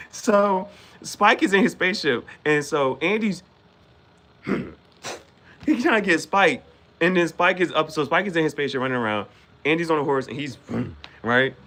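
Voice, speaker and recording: A man's voice: sits high, bright, forceful tone. A man hosting an anime reaction channel, recapping an episode in a rambling casual way, repeating himself and quoting characters in slang.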